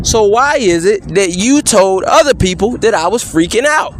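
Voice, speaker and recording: A man cross-examining a police officer, firing off measured, insistent leading questions and tagging many with "correct?". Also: sits high, lively intonation, a little hiss or hum. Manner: pointed leading questions, repeatedly asking "correct?". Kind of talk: courtroom-style cross-examination.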